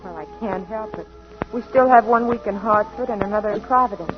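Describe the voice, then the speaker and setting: A woman's voice: medium pitch, a little fast, music in the background, lightly acted. An actress playing a young female dancer, tender and torn, with breathless emotional pleading in 1940s radio acting. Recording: dull 1940s radio recording with clear hiss.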